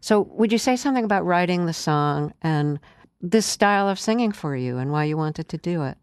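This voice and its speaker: A radio-style interview host who delivers a measured, informative introduction and then asks the guest questions. The voice is smooth and resonant. It is recorded close and dry, with no room sound. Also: mid-range voice, animated, dry recording.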